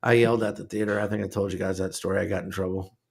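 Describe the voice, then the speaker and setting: A man co-hosting a casual podcast chat, telling stories in a lively way. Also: low voice, rapid-fire, creaky, slight background noise. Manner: lively storyteller, raises his voice when acting out scenes. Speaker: podcast co-host.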